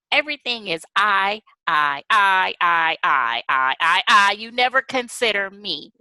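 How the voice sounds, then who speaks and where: Emphatic slangy woman co-host, bright, dry close sound. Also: mid-range voice, very animated, takes it slowly, no room sound, low-quality recording. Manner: blunt, emphatic, slangy commentary. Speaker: podcast co-host. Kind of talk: casual reality-TV recap chat.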